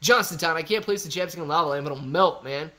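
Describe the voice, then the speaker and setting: This livestream host talks fast in a bright, forceful voice on the high side. Keeping things casual, he reads viewers' chat comments and playfully jokes back.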